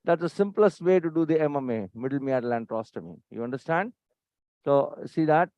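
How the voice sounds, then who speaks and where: A man's voice: a little high, animated, a little mellow, no room sound. A man teaching a surgery live, checking in with questions and repeating his pointers. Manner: instructive, repeats "see here" and quizzes listeners; brisk and impatient with staff. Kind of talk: live surgical teaching commentary. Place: operating theatre. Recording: dry, dull lo-fi recording.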